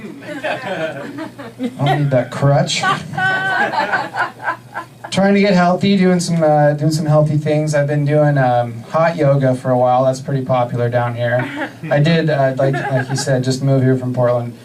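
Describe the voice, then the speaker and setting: A man in his thirties from the US Northwest doing a stand-up comedy set, with a deadpan, halting delivery full of fillers. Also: medium pitch, far from the mic, crowd noise, rough recording. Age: 30s. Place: comedy club stage.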